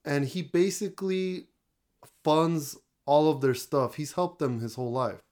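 Casual male co-host, conversational movie reviewer, filler-heavy, relaxed delivery. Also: a little high, unhurried. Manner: chatty, retells plots with fillers. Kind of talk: casual chat.

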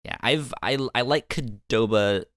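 A man co-hosting a podcast in casual chat, talking in a hesitant, halting way with many restarts. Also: medium pitch, a bit bright, no room sound, clean studio sound. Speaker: podcast co-host.

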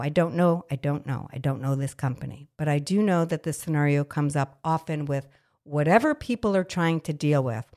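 A middle-aged woman podcast host, a nurse, ranting in a casual chat with exaggerated indignation and the odd swear word. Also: mid-range voice.

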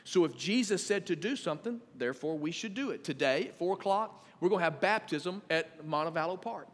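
A man in his thirties preaching a sermon as pastor, conversational and animated, swinging between loud and quiet. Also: fairly high pitch, brisk. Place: church sanctuary. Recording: long reverb of a church hall.

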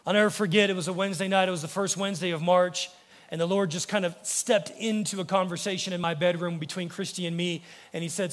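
A man with an American accent, a pastor preaching a sermon to his congregation, earnest, and his voice drops low and soft when he quotes. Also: fairly even intonation, fast talker, in a large hall. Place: church sanctuary.

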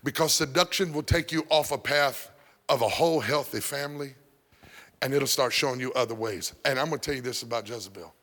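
A male pastor preaching a sermon, breaking into shouts and sung phrases, then dropping to a hush. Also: medium pitch, brisk, big-room sound. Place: church sanctuary.

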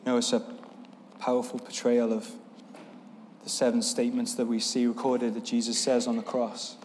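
A man's voice: medium pitch, level tone, normal speed, darkish tone, in a large hall, a little hiss or hum. A man preaching a sermon as pastor, earnest, with a repetitive, building cadence. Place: church sanctuary.

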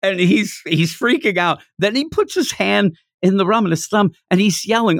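Animated man retelling a comic. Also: fairly high pitch, moderate pace, gravelly, dry recording, studio quality. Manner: animated, acts out character lines in funny voices. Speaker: podcast co-host. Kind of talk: casual manga discussion.

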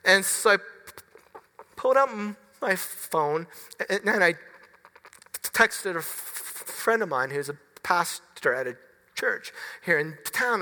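Man, pastor, sermon, slow, bright voice, earnest, halting restarts, long hall reverb. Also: sits high, lively intonation. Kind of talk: sermon with personal story.

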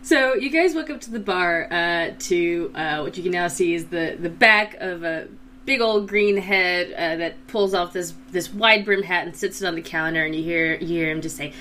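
A woman narrating as dungeon master, pausing often with fillers. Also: lowish voice, bright, forceful tone, a little hiss or hum. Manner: halting, full of fillers. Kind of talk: narrating a tabletop game.

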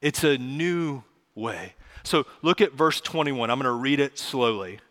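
Bright-voiced preacher man in a hall. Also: mid-range voice, expressive. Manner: earnest, pleading preaching with slow emphatic passages. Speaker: pastor. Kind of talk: sermon. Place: church sanctuary. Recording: long church hall reverb.

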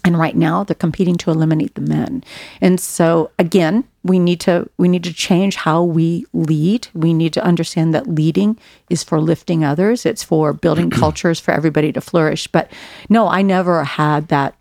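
A woman's voice: deep voice, moderate pace, vocal fry, dry recording, studio quality. A middle-aged woman, a guest author and speaker, telling stories in casual conversation and laughing at herself now and then. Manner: animated storyteller, laughs at herself.

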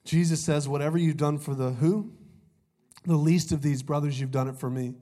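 A young pastor preaches in a loose, conversational way, throwing in "y'all" and small jokes. His voice is slightly rough from a cold, and he speaks into a stage mic. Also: fairly high pitch, steady tone, normal speed, warm tone. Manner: conversational, jokey, says "y'all" often. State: recovering from a cold, voice a little off. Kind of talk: sermon.

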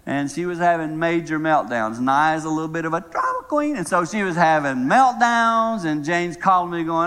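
A middle-aged man preaching a sermon, telling a humorous story in a lively way and then praying softly. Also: normal speed, hardly any pauses, clean tone. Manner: lively, humorous storyteller who drops to a soft, low tone to pray. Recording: long reverb of a large hall.

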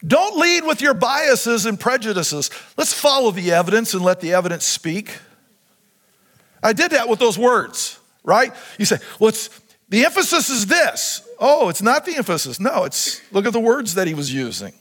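A man's voice: high voice, sing-song, moderate pace, fairly bright tone, breathy edge. A man preaching a sermon as pastor, putting questions to his congregation. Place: church sanctuary.

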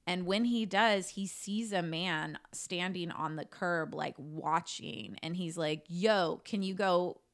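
A woman with a somewhat low voice recounts a true-crime case in a loose, conversational way. She talks like she is chatting with friends, with plenty of "like" and the odd curse word. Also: fairly even intonation, slow pace, hardly any pauses, a bit bright. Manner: chatty, swears, lots of "like". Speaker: podcast co-host telling a case. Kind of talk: casual true-crime storytelling.

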